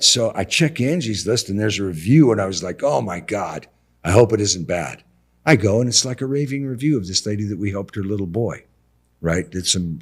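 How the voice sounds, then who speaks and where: A man's voice: fairly low pitch, husky. A middle-aged man, a contractor on a podcast, telling stories casually and acting out both sides of conversations with slangy asides. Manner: animated, acts out dialogue, slangy with "bro" and "dude". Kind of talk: casual storytelling interview.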